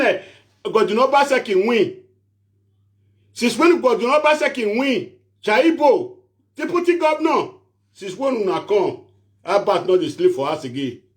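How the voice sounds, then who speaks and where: A man with a high-pitched voice and a strong Nigerian Pidgin accent delivers a preachy, repetitive rant straight to his followers. He hammers the same phrases over and over and then turns to pleading. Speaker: social media prophet and show host. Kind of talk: animated rant to camera.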